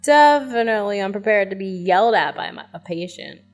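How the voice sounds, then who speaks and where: A woman's voice: medium pitch, expressive, fairly quick, soft background music. A woman playing through a story game and commenting casually, flustered and giggly.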